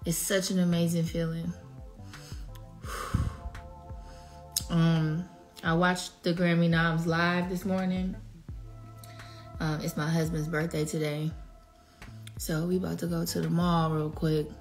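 A young woman, teary after crying, talking emotionally in a casual selfie vlog, her voice swinging from whispers to shouts. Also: lowish voice, flat delivery, slow, long pauses, faint music behind. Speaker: singer.

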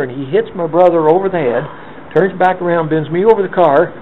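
A man in his fifties telling a lively story in an oral history interview, acting out the lines of the people in it. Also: a little high, fast talker. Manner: lively anecdotal storyteller, acts out quoted lines. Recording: narrow phone-like band with faint hiss.

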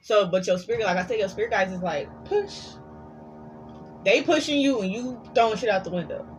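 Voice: mid-range voice, fast, faint music behind, poor audio. A tarot reader giving a casual collective reading, chatty and sassy, swearing freely and rambling between the cards.

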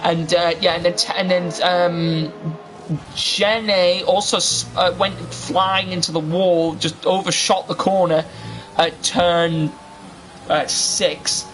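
A man's voice: sits high, flat delivery, slow pace, a bit bright, soft background music. A man doing live sim racing commentary, chatty and rambling, often restarting his sentences. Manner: rambling, self-interrupting, chatty. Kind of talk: live esports race commentary.

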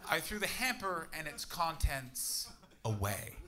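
A young man from Canada doing a brash stand-up set, muttering asides and then shouting at the crowd. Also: fairly high pitch, big pitch swings, unhurried, background noise. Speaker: stand-up comedian. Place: comedy club in front of a laughing audience.

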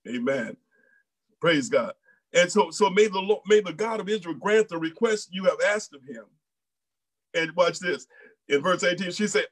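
A man's voice: high voice, moderate pace, low-quality recording. A male pastor preaching a sermon with repeats and exclamations, acting out voices in quoted lines. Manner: preaching in a folksy Black church style, with repeats and exclamations.

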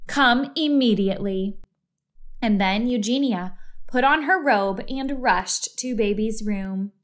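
A woman reading a children's storybook aloud in an expressive, slow read-aloud style. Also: on the high side. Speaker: storybook reader.

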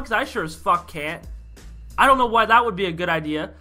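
A man's voice: high-pitched, expressive, a little fast, bright, forceful tone, soft background music. A young man hosting a football recap, ranting in frustration with lots of swearing and rhetorical questions. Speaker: sports podcast host.

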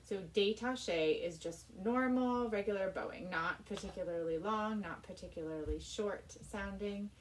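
A woman's voice: mid-range voice, moderate pace, few pauses, a little hiss or hum. A woman giving a music lesson, explaining patiently in a casual teaching manner. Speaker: cello teacher. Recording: from a distance with cello playing.

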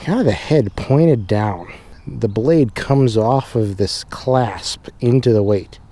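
A man's voice: medium pitch, takes it slowly. A young man hosting a fishing channel, chatting casually and upbeat outdoors by a pond in the rain, talking to a camera mic. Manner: upbeat, excited when catching fish. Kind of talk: casual outdoor vlog talk.

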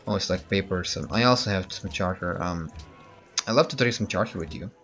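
A man's voice: deep voice, brisk, fairly bright tone. A man giving casual gameplay commentary, thinking aloud and hesitating with many fillers. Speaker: let's play host. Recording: muffled lo-fi with game music.

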